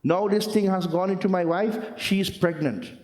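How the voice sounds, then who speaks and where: A man's voice: sits high, moderate pace, a little mellow, natural voice. Pleading old sage, as a man tells it. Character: sage Vyas, worried older husband. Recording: roomy hall with long echo.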